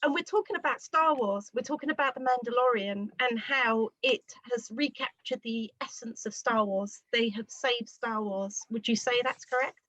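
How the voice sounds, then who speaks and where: Higher-voiced woman hosting a podcast. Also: normal speed, hardly any pauses, a bit bright, dry recording, muffled recording. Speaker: podcast host. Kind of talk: casual group chat.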